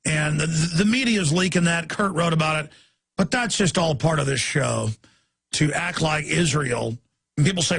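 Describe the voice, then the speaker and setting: Male talk radio host who rants in a gravelly rasp. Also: a little high, a bit bright. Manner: heated, rapid-fire ranting.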